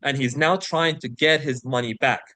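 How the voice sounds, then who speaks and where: A man's voice: mid-range voice, sharp tone, dry recording. Man teaching English vocabulary, dry sound. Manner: explains and checks in with frequent "right?"; slows to read example sentences and passages aloud. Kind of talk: online English vocabulary lesson.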